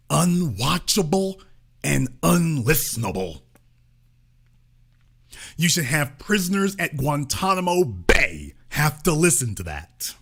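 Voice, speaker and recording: A man with a high-sitting, slightly rough and somewhat bright voice with vocal fry hosts a political commentary show. He delivers an emphatic, sarcastic, colloquial, opinionated monologue.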